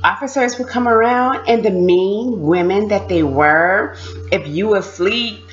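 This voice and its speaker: A woman recalling her time in prison in casual storytelling, animated, often laughing and imitating other people. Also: mid-range voice, measured pace, dull audio, faint music behind. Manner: animated, mimics voices, laughs while telling. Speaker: former prisoner sharing experiences.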